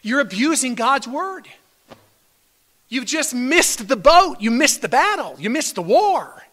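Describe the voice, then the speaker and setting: A man's voice: very high voice, very animated, a little slow, pushed and bright. A man preaching a sermon as pastor, earnest, restarting phrases and building to emphatic peaks. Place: church sanctuary. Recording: long hall reverb.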